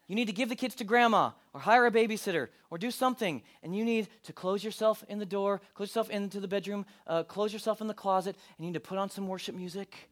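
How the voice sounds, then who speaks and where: A pastor preaching a sermon, moving between hushed, intimate moments and loud, animated bursts. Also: male voice, high voice, quick pace, few pauses. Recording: preaching over live keyboard music.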